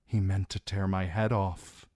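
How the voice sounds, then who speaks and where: A hushed, tense young queen, read by a man for an audiobook, deep and dry. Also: flat delivery, measured pace, no room sound. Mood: grim. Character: young queen, defiant yet frightened.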